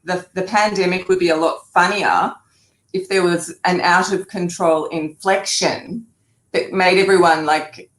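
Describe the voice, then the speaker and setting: A woman's voice: lowish voice, fairly even intonation, measured pace, reverberant. An Australian woman, a speech pathologist and comedian, chatting as a guest and joking with laughs between her remarks over a video call. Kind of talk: casual chat.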